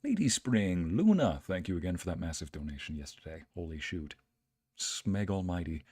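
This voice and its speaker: A man's voice: low voice, big pitch swings, moderate pace, darkish tone, slightly rough, no room sound, clean studio sound. A man streaming from home, chatting casually and greeting viewers by name with playful exclamations. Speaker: streamer and narrator. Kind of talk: casual livestream chat.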